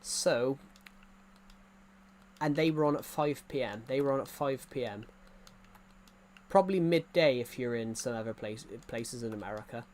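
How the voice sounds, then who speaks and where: A man's voice: mid-range voice, normal speed, long pauses, darkish tone. A young man from England with an English accent, chatting casually to viewers while playing a game, rambling and restarting his sentences. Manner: rambling, repeats and restarts phrases. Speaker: gaming streamer. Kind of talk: casual chat while gaming.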